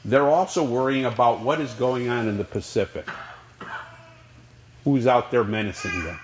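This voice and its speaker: A man teaching a college history class, lecturing in a lively way and asking the class questions. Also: mid-range voice, normal speed, reverberant, slight background noise, rough recording. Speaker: history professor.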